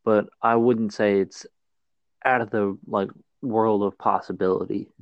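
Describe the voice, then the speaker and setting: A man's voice: on the low side, steady tone, unhurried, dry recording, lo-fi sound. A man co-hosting a casual movie chat, with wry, sarcastic asides. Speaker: podcast co-host.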